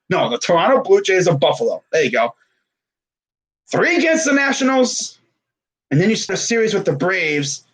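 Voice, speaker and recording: Man in his twenties, casual sports streamer, high pitch, lively, rambling chat. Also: poor audio. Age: 20s. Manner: rambling, animated, frequent fillers and self-corrections. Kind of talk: casual sports chat reading live comments.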